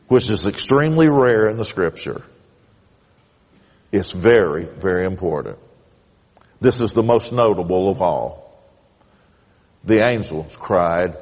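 A man preaching a sermon as pastor, reading scripture aloud with big swells in pitch and speaking slowly and deliberately. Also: animated, a little mellow, breathy edge. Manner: slow, deliberate delivery. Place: church sanctuary. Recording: long hall reverb.

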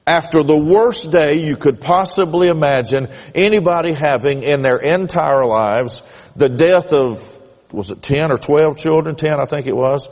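A man preaching a sermon as pastor, telling a story in a measured way and rising emphatically on key points. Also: medium pitch, a little mellow. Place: church sanctuary. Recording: church hall reverb.

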